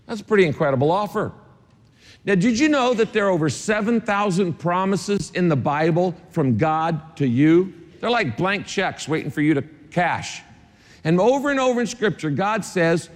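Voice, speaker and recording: A man with a high-pitched voice preaches a sermon, hammering his points home through repetition and slipping in dry asides. His voice rings out with the long reverb of a large church auditorium. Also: sing-song, moderate pace. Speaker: pastor.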